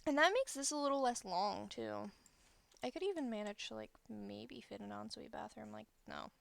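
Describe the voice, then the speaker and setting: A woman streamer talks through her build in a casual, chatty way, often changing her mind mid-sentence. Her voice carries a gravelly fry, sitting right up against a close microphone in a dry, dead-sounding space. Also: a little high, normal speed, fairly bright tone, dry recording. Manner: chatty, thinking aloud while building, self-correcting. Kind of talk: casual gameplay commentary.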